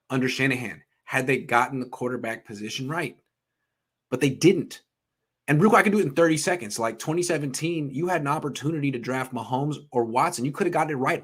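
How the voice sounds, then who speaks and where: A man co-hosting a sports talk show, ranting in an emphatic, heated way and swearing as he gets excited. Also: husky. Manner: ranting, emphatic, swears, pitch jumps when worked up. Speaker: podcast co-host.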